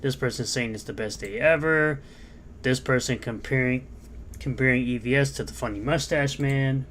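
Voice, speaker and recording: Sarcastic commentator in a played clip. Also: male voice, mid-range voice, moderate pace, fairly bright tone, slight background noise. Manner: sarcastic, indignant, exasperated.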